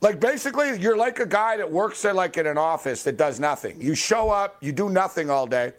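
Brief: male sports radio host, fired-up rant, voice a bit high, swearing and heckling, late-night call-in style. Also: expressive, brisk. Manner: angry, swearing, heckling athletes by name; bursts of loud high-pitched exclamation.

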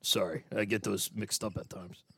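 A man hosting a sports talk show, telling stories in animated, jokey banter and laughing often. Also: fairly low pitch, normal speed, gravelly, slightly rough, dry recording, clean studio sound. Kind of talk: casual banter and storytelling.

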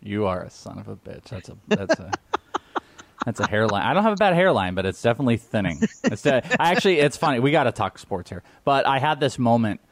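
A man's voice: medium pitch, very animated, a little fast. A man co-hosting a casual chat show, rambling, laughing often and restarting his sentences. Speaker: podcast co-host.

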